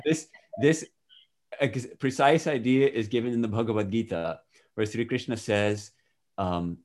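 A man's voice: medium pitch, expressive, moderate pace, a little mellow. A man as an interview guest, earnestly explaining and commenting on accounts he reads out.

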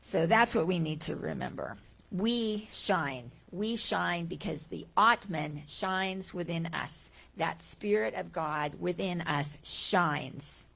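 A middle-aged woman teaching on spiritual ideas in an unhurried, gentle way, her fairly low voice roughened with vocal fry. She speaks conversationally and keeps asking her listeners questions. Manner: gentle, conversational, with frequent restarts and rhetorical questions. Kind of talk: talk on Vedanta teaching.

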